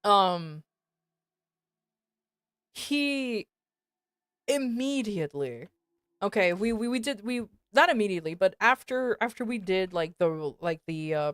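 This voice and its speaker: A woman's voice: on the low side, smooth, no echo. Swearing, rambling woman streamer. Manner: swears a lot, animated and rambling. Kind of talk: casual storytelling to chat.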